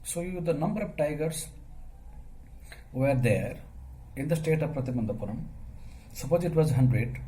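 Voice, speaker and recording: A man, teaching a story as a lecture. He asks questions and answers them himself, using many fillers, and his voice gets suddenly louder at times. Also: on the high side, lively intonation, normal speed, pauses often, slight background noise, low-quality recording.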